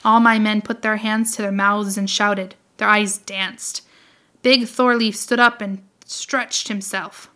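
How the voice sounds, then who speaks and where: A woman reads a first-person adventure tale aloud in a measured, expressive storytelling style. Her voice is bright and clear, sitting at a middle pitch. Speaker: audiobook reader. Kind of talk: scripted storybook narration.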